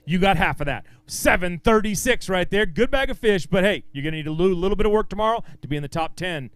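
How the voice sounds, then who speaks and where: A man's voice: high voice, animated, quick pace, a bit bright, clear, resonant tone, no echo. A man emceeing a fishing tournament weigh-in on an outdoor stage, upbeat and encouraging as he bantes with the anglers. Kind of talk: live weigh-in announcing.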